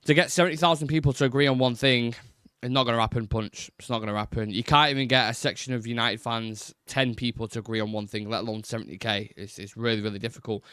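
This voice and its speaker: A man hosts a casual live football fan stream, talking bluntly and swearing freely as he rambles and restarts his sentences. His voice sits at a middling pitch. The recording is close and dry, with no room sound. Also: fairly even intonation, fast, a bit bright, clear, resonant tone, no echo. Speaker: football fan channel host.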